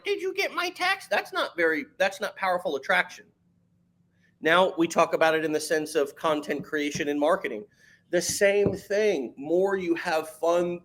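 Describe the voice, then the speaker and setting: A man's voice: on the high side, fairly bright tone. A man hosting a podcast in casual motivational talk, emphatic and slangy, stumbling and repeating words as he gets going. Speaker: podcast host.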